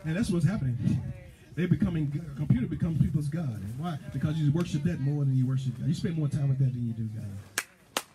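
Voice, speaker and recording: A man preaching a fervent sermon in a church, calling out to the congregation and rising to shouts. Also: on the high side, expressive, brisk, a little hiss or hum, low-quality recording. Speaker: pastor. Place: church sanctuary.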